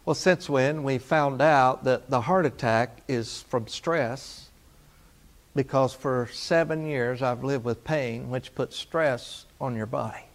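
A man preaching, telling a personal story with feeling, rising loud and falling hushed. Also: mid-range voice, takes it slowly. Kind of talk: sermon testimony.

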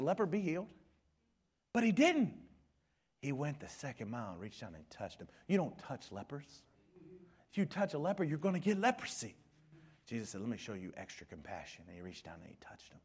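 A man preaching a sermon, swinging between hushed whispers and shouted peaks. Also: medium pitch, breathy edge. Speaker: pastor.

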